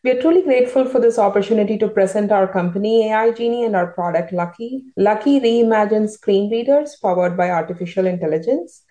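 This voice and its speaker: A woman reading a short formal introduction as a company advisor, soft and scripted. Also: mid-range voice, a little fast, few pauses. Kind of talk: read introduction. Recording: roomy echo.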